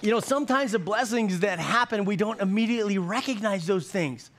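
A man in his fifties preaching to a congregation with a voice a touch higher than most men's. He talks in a folksy, joking way, often doubling back and repeating words before he lands a point. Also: brisk. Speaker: pastor. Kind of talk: sermon.

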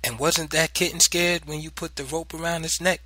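A man's voice: fairly high pitch, steady tone, moderate pace, dry recording, pitched above the performer's own voice. A man voicing a stern mother who scolds and taunts her young son in a dry, close recording. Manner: sharp, commanding, taunting.

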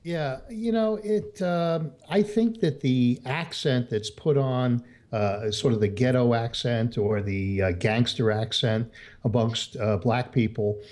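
A man's voice: medium pitch, takes it slowly, a little mellow. A man calling in to a chat show, hesitant and full of fillers. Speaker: caller. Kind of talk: casual call-in chat.

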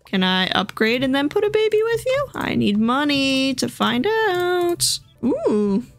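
Excitable woman streamer, slow delivery with some fry; dry close mic, soft game music underneath. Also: sits high, no echo. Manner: gushing, excitable, gasps and squeals. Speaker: gaming video host. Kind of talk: casual gameplay commentary. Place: home room.

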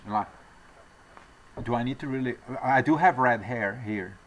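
Rambling, halting man from Argentina. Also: mid-range voice. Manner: rambling, halting speech with many restarts; acts out quoted voices. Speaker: traveling salesman. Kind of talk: casual interview storytelling.

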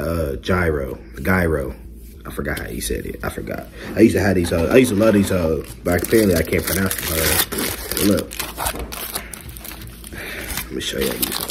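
A man's voice: deep voice, noisy background. A young man casually chatting to his viewers in a mukbang vlog from his bedroom, joking and boastful, full of loose slang. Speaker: mukbang vlogger. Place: his bedroom lit with colored LED lights.

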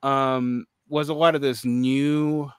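A man's voice: medium pitch, flat delivery, slow pace, smooth, no echo, studio quality. A man in his forties hosting a podcast, chatting casually, rambling and restarting often with many fillers. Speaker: podcast host. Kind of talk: casual conversation.

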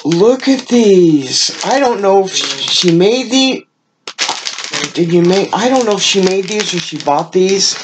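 A woman's voice: mid-range voice, animated, slow pace, background noise. A woman hosting a card-making channel, gushing as she unboxes crafting gifts sent by a friend, gasping and exclaiming over each item. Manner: effusive and gushing, with frequent gasps and exclamations. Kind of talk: casual unboxing of mailed gifts.

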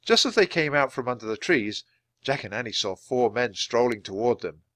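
Lively male storybook narrator. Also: mid-range voice, moderate pace, no room sound, clean studio sound. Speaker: storybook reader. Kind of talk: audiobook narration for language learners.

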